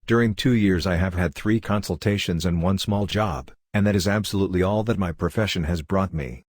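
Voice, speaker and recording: Male audiobook narrator, deep and measured, dry recording. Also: darkish tone, no echo. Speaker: audiobook reader. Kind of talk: first-person scripted narration.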